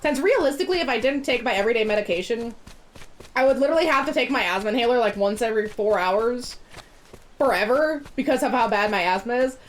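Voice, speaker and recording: A woman's voice: a little high, lively intonation, quick pace. A woman streaming a video game, chatting casually in a rambling way and laughing often. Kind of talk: casual chat while gaming.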